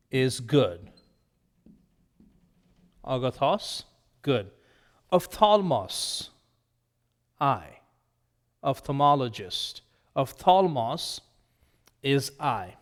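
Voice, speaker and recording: A man leads a vocabulary drill at a very slow, deliberate pace, repeating each word and its meaning. His voice sits at an ordinary pitch and carries a long reverb tail. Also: big pitch swings. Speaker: Greek teacher.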